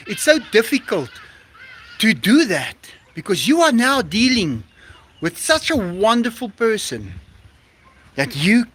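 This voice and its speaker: A man's voice: sits high, a bit bright, a little hiss or hum. A man hosting a casual live stream outdoors on a rooftop, effusive and laughing often as he reads out donations.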